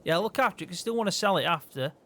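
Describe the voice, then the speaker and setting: A man's voice: sits high, racing. A man hosting a farming game role-play, bantering cheekily with a friend. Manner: cheeky, teasing, lively banter.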